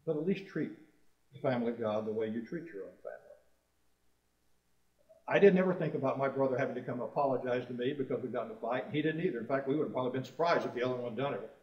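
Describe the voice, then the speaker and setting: A man's voice: mid-range voice, quick pace. A man preaching a sermon to a congregation, emphatic, rising on key phrases and putting questions to his listeners. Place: church assembly hall. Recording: roomy, distant, dull old church recording.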